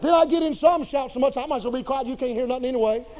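A man preaching a sermon in a folksy, humorous and colloquial way, swinging between quiet asides and loud bursts. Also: extremely high pitch, racing, slight background noise, rough recording.

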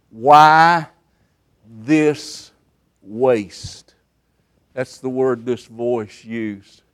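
A man preaching a revival sermon at a camp meeting, swinging between loud outbursts and hushed asides. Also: mid-range voice.

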